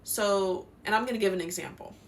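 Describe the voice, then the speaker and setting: A woman's voice: medium pitch, fairly quick. A young woman giving spiritual life advice in a casual, passionate, slangy talk, swearing now and then. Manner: passionate, slangy, swears, acts out quotes in voices.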